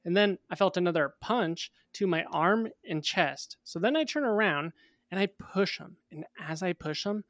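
A young man in his twenties, a guest in an interview, telling a personal story in a casual, animated way. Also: high-pitched, moderate pace, no echo, clean studio sound.

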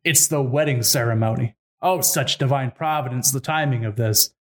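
A man casually retelling a folk tale to a co-host, irreverent and swearing, rattling off the characters' lines. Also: mid-range voice. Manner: irreverent, swears, fast retold dialogue. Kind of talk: casual comic storytelling.

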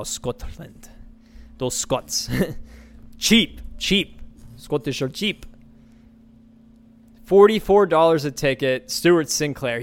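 A man hosting a podcast, talking in a loose, sarcastic and incredulous way, rambling through his thoughts. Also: fairly high pitch. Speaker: podcast host. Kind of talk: casual commentary.

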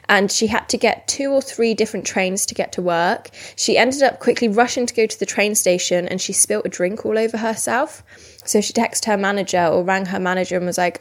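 A young woman, chatting casually and rambling with lots of "like" fillers. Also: medium pitch. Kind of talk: casual chat.

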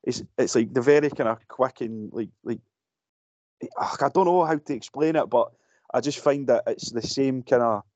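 A man's voice: medium pitch, moderate pace, a little mellow, no room sound, lo-fi sound. A Scottish man co-hosting a podcast, chatting casually about a film, swearing freely and rambling as he goes. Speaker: podcast co-host. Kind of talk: casual film-review chat.

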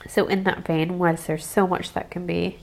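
A woman hosting a self-help podcast, talking in a gentle, searching way with many pauses and soft hedges. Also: lowish voice, little pitch movement, vocal fry. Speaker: podcast host. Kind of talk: reflective self-help monologue.

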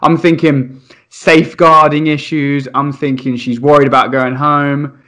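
Young guy, teacher, telling a funny school story, laughs a lot, does little voices, bit higher voice. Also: a little slow. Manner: animated, laughing, acts out voices in his anecdotes. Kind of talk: casual storytelling chat.

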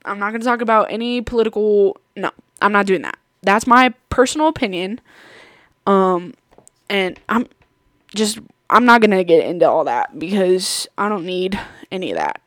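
A woman's voice: mid-range voice, expressive, moderate pace, dry recording, clean studio sound. A woman hosting her own podcast, rambling through stories in a casual chat with frequent laughter. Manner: chatty, rambling, laughs often. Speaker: podcast host.

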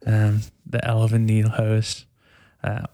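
A man's voice: lowish voice, completely flat delivery, takes it slowly, mellow, no room sound, clean studio sound. A man hosting a podcast, chatting casually with enthusiasm and jokes. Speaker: podcast host. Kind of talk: casual chat.

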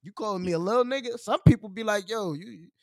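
A man's voice: high voice, quick pace, darkish tone, dry recording, clean studio sound. A young man with a New York accent, telling a story in casual podcast chat, slangy and profane, acting out quotes. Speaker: podcast host.

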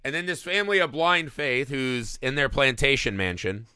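A man's voice: mid-range voice, normal speed, sharp tone, smooth, dry recording, studio quality. A man co-hosting a podcast, talking casually and profanely about a movie and acting out the lines he quotes. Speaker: podcast co-host. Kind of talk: casual movie review chat.

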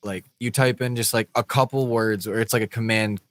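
A man's voice: fairly low pitch, steady tone, a little fast, a bit bright. A young man hosting a casual livestream podcast, rambling and laughing often, full of "like" and half-started phrases. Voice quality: laughs often, says "like" a lot. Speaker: podcast host.

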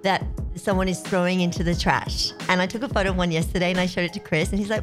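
A woman co-hosting a radio show, chatty and quick to laugh. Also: lowish voice, fairly even intonation, over music. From Australia. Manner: chatty, apologetic, laughs easily. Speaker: radio co-host. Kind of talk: casual morning radio banter.

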